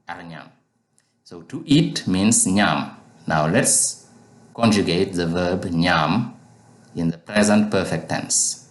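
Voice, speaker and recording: A man's voice: sits low, reverberant. A man teaching a language lesson, patiently repeating each word for learners.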